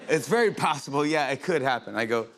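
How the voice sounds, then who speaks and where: A middle-aged man hosting a late-night show, telling a rambling, excited story full of restarts and fillers. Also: mid-range voice, fast. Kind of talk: monologue, storytelling chat. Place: TV studio with live audience.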